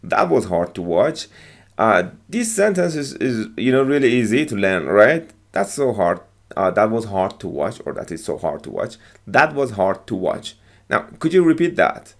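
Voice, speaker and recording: A man's voice: lowish voice, big pitch swings, normal speed. A man teaching English by explaining short movie lines, patiently repeating phrases and checking with "okay?".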